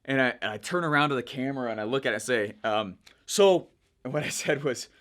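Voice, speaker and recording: A young man coaching viewers in a chatty, energetic way, checking in with "right?" as he explains. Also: medium pitch, quick pace. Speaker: online marketing coach. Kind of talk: casual teaching monologue.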